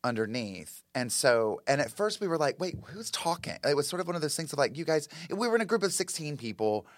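A man spins a rambling, animated tale as a podcast guest, his speech packed with "like" and quick restarts. His voice sits at a middling pitch. The recording is dry, with little room sound. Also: no room sound. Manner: animated, chatty, lots of "like" and restarts. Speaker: podcast guest, comedian and actor. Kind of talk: casual storytelling chat.

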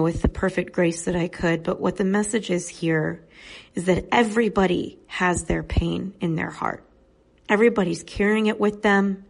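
A woman's voice: medium pitch, gravelly. A woman in her thirties, a podcast guest, telling a personal story in an earnest, reflective way. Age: 30s.

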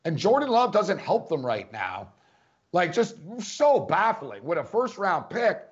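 A man's voice: sits high, big pitch swings, a little slow, highs cut off. A man co-hosting a sports podcast, talking emphatically and repeating points for stress. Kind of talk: casual sports talk.

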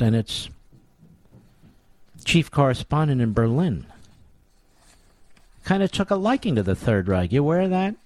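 A man's voice: fairly high pitch, a little mellow, no room sound. A man hosting a political talk radio show, delivering a combative, sarcastic monologue.

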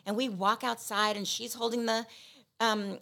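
A woman co-host telling a lively story in casual chat, acting out the voices of people in it with self-mocking humor. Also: on the high side, a little slow, gravelly. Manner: animated, acts out voices of people in her story.

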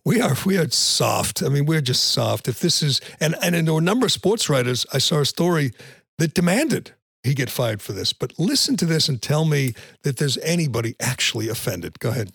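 On his podcast, this man delivers opinionated sports talk in a blunt rant, frequently restarting and repeating words as he begins sentences. His fairly high, sing-song voice is gravelly, husky and a bit bright, moving fairly quickly with no echo.

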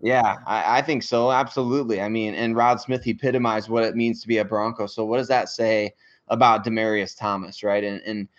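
A man who covers the team, talking on a sports podcast in casual chat, halting and full of filler words. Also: fairly low pitch, steady tone, lo-fi sound. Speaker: podcast guest and team reporter.

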